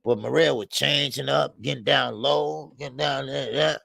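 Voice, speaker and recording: Gravelly-voiced man hosting a boxing livestream. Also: medium pitch, fairly even intonation, moderate pace, sharp tone, no echo. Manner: loose slangy banter, reads viewer names aloud. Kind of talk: casual livestream chat, greeting chat viewers.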